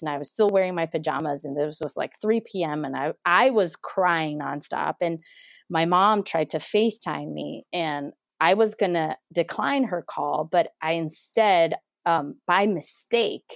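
A woman's voice: low voice, dry recording, clean studio sound. A woman in her thirties from Mexico, earnestly telling a personal story as a podcast guest, with many restarts.

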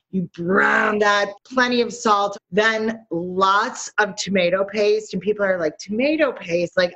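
Animated woman chef on slightly muffled audio. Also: medium pitch. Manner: lively, animated storytelling with laughs. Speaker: chef guest. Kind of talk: interview conversation.

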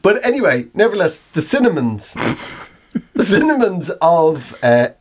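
A man's voice: on the high side, sing-song, normal speed. A man, co-hosting a casual comedy chat, laughing often and poking fun at himself. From Ireland. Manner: giggly, self-mocking, laughs often. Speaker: podcast co-host.

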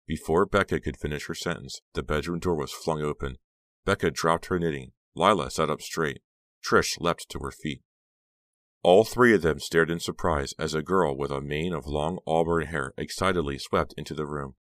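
A man narrating an audiobook in a measured storytelling manner. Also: extremely low pitch, fairly bright tone, no echo. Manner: measured storytelling, voicing all characters. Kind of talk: scripted narration.

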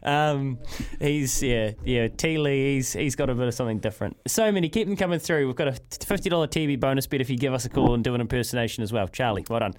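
A man with a New Zealand accent hosting a live sports talkback radio show, chatty and upbeat. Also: medium pitch. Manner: chatty and upbeat, quick laughs.

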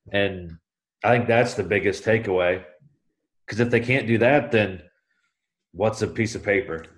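A man's voice: fairly low pitch, measured pace, long pauses. A man who is a guest on a podcast, explaining his views earnestly with many fillers. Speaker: podcast guest, sheep breeder. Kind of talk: casual interview chat.

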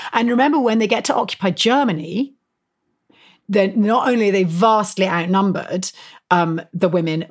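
A woman historian talking as an interview guest, telling stories in an animated, emphatic way full of fillers and quick self-corrections. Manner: animated, emphatic storyteller with frequent rises in pitch and loudness. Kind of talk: conversational interview storytelling.

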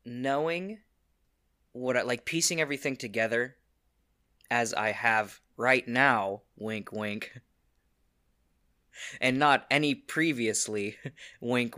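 Man, tabletop player, rambling, unhurried, bright tone. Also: medium pitch. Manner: unhurried, rambling, laughs at own lines. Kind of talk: tabletop role-play.

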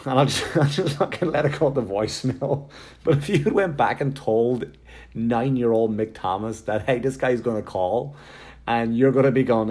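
A comedian in middle age works a stand-up set, swearing freely and acting out little scenes of what he and others say. His voice sits at an everyday male pitch, with a lively storytelling push behind it. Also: moderate pace. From Ireland. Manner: animated, profane storytelling with acted-out quotes.

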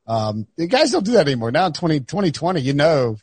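A man's voice: fairly high pitch, sing-song, quick pace, husky. A man hosting a sports podcast in casual, joking chat that rambles with restarts. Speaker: podcast host.

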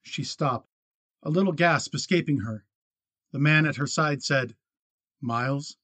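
A man narrating a western novel as an audiobook in a steady, measured reading. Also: on the high side, husky, no echo. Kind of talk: scripted narration.

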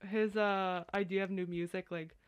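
A woman in casual podcast chat with a middle-pitched voice. She talks candidly and loosely, swears freely and laughs often. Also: steady tone, moderate pace, smooth, muffled recording.

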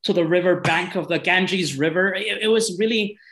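A man from Europe, a guest telling a story in a casual, halting way, often repeating words and restarting. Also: high voice, fairly bright tone, poor audio.

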